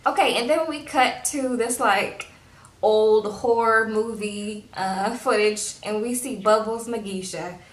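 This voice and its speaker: A woman's voice: medium pitch, a little slow. A young woman from Louisiana, sassily recapping a TV episode in casual chat and acting out the characters' lines. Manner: chatty and sassy, acts out characters' lines. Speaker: TV recap vlogger. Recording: echoey room.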